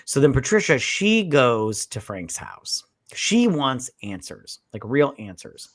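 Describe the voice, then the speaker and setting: A man's voice: mid-range voice, very animated, takes it slowly, a bit bright, no echo, studio quality. A man co-hosting a casual movie review, retelling scenes and mimicking characters' lines. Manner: retells scenes, quoting characters in mock voices. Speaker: podcast co-host.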